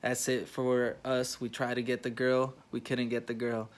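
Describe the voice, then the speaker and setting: A young man talks straight to his viewers, retelling a family event in a loose, rambling vlog style. His voice sits at an ordinary middle pitch, and he keeps circling back with fillers and restarts as the story tumbles out. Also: completely flat delivery, moderate pace. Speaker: vlogger.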